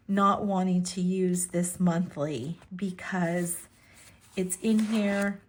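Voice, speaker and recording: A middle-aged woman chatting casually to her viewers about her journals, speaking gently and softly, rambling a little with fillers. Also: mid-range voice, a little hiss or hum. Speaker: planner and journaling vlogger.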